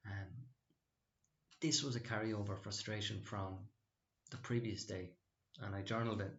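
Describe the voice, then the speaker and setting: Low gravelly guy rambling thru his trades, flat voice, muffled echoey room. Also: moderate pace. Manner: rambling, hesitant, lots of fillers and restarts. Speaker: stock trading channel host. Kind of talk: casual screen-share trading recap.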